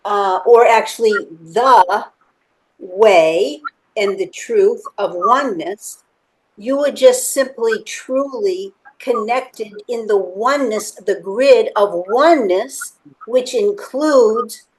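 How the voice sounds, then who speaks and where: Slow, high-voiced spiritual teacher woman. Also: rough recording. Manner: slow, deliberate, repeats phrases. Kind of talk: spiritual explanation.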